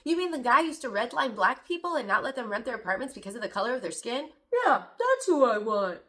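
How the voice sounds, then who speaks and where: A woman's voice: fairly high pitch, racing, a bit bright. Sarcastic, indignant woman podcast host. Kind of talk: reaction commentary.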